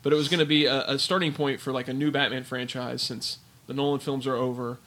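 A man's voice: mid-range voice, quick pace. A man co-hosting a podcast, chatting casually and ranting with lots of fillers. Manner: ranting, animated, filler-heavy. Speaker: podcast co-host. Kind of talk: casual chat.

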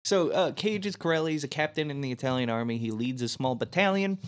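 A man's voice: fairly high pitch, lively intonation, quick pace. A man hosting a casual movie-review chat, laughing often as he recaps the plot.

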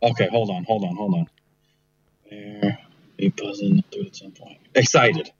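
A man's voice: fairly low pitch, sing-song, moderate pace, gravelly, slightly rough, dry recording, highs cut off. A man guesting on a casual podcast, guessing puzzled at word meanings with many fillers.

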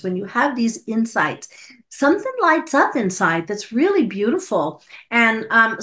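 A woman who is a psychologist guest on a podcast interview, telling stories and acting out her clients' lines with animated shifts of voice. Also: on the high side.

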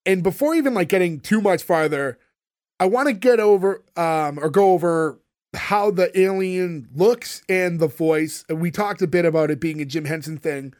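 A high-pitched man chatting loosely on a podcast. He rambles, restarts his sentences, and fills every pause with "like". His voice sits well above the usual male range. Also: a little mellow. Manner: rambling, many "like" fillers and restarts. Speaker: podcast host recapping a sitcom. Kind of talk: casual podcast chat.

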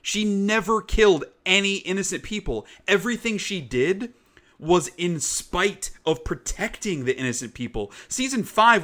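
Animated ranting young man, bright voice. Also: high-pitched. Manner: animated, frequent "like" fillers, swearing. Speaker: podcast co-host. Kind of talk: casual ranting chat.

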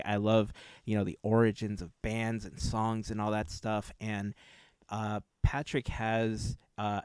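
A man's voice: lowish voice, darkish tone, dry recording. A man co-hosting a podcast in casual chat, rambling a little and laughing often, a bit under the weather. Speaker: podcast co-host.

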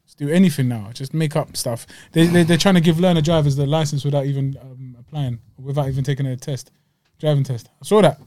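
A man's voice: fairly high pitch, steady tone, quick pace, mellow, no echo. A man chatting as a podcast co-host, slangy, rambling and jokey. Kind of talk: casual banter.

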